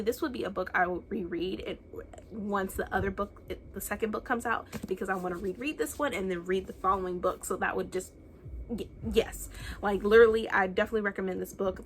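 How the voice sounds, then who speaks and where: A woman's voice: mid-range voice, brisk, slight background noise. A young woman from the United States chatting casually about books she loved, gushing and enthusiastic with many restarts. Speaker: book reviewer. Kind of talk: casual book wrap-up chat.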